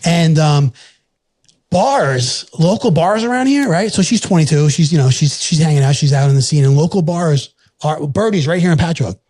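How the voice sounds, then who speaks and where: Rambling man, higher voice. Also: lively intonation, normal speed, a little mellow. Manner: laid-back, rambling with frequent fillers and laughs. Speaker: podcast host. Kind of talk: casual chat.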